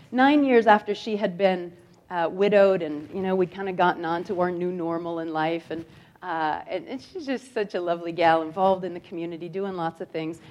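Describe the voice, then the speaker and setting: A woman spiritual teacher giving a sermon that mixes stories with slow, repeated emphatic lines, moving between soft and loud. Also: medium pitch. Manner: expressive, swings from soft to loud. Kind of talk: sermon with storytelling.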